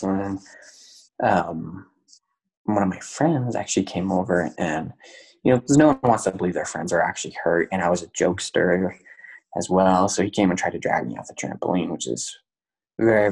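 A man's voice: low voice, creaky, a little mellow, breathy edge, low-quality recording. A young man telling a long personal story in earnest detail on a podcast, full of fillers. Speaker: guest.

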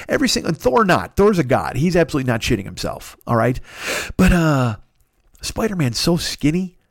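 A man's voice: sits high, vocal fry, no echo, clean studio sound. A middle-aged man from Illinois delivering a profane, rambling comic monologue full of hypothetical scenarios.

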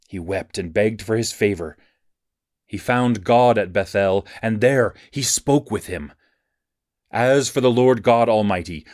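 A man reads scripture aloud in an even, measured cadence, with a middle-pitched voice. The recording is dry and close, with no room sound around him. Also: dry recording. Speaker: scripture reader. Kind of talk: scripted Bible reading.

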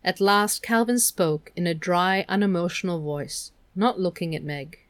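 A woman reading a novel aloud in a relaxed, casual way. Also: on the low side, unhurried, dry recording. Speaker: audiobook reader.

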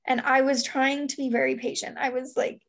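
A woman's voice: sits high, little pitch movement, a little fast. A woman in her thirties talking candidly in a casual chat, rambling with lots of "like" as she shares stories as a parent.

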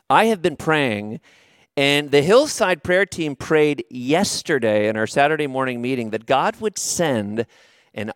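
A man's voice: mid-range voice, smooth, no room sound, clean studio sound. A man preaching a sermon, telling a personal story with rhetorical questions and light humor. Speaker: pastor.

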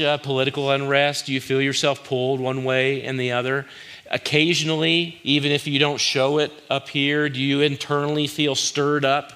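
A man's voice: mid-range voice, sharp tone. A middle-aged male pastor preaching a conversational sermon, firing rhetorical questions at the congregation and acting out quoted lines.

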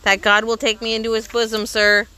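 A woman voicing a timid young schoolboy who asks questions and pleads in hurried apologies, read from a storybook. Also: a little high, monotone, pushed and bright, clean tone. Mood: pleading. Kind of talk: storybook reading.

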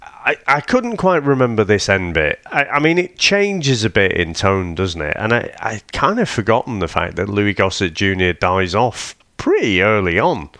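A middle-aged father of three co-hosting a film podcast, chatty and laughing, halting with fillers as he talks. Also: fairly low pitch, sing-song, fairly bright tone, dry recording, clean studio sound. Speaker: podcast co-host. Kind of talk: casual film review chat.

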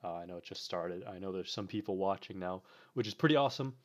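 A man's voice: deep voice, quick pace. A young man co-hosting a casual live podcast, talking loosely with lots of fillers. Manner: loose, rambling with fillers and laughs. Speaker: podcast co-host.

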